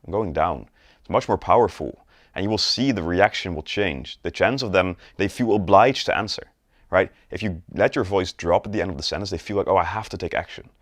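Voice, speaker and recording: A man with a very low voice teaches sales in an instructional video, recorded close and dry with no room sound. He demonstrates rising, flat and falling tones in his examples. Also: a little fast, dry recording. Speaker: sales coach.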